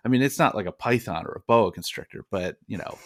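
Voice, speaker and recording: A man with a low voice co-hosts a podcast, reading a listener's letter and breaking off to joke. He rambles and restarts often, and the sound is close and dry with no room around it. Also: fast talker, a bit bright, no echo. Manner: rambling, joking, many fillers and restarts. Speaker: podcast co-host. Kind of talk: casual podcast chat, reading listener mail.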